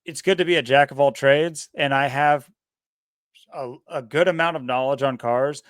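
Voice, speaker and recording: A man co-hosting a podcast in casual chat, talking in a rambling, animated way. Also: mid-range voice, moderate pace, dry recording, clean studio sound. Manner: rambling, animated, laughs often. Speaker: podcast co-host.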